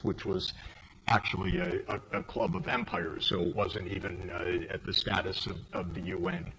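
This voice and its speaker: An older American man speaking emphatically and indignantly on a panel, his voice rising to sharp outbursts. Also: deep voice, gravelly, noisy background. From United States. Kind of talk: impassioned panel speech. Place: forum hall.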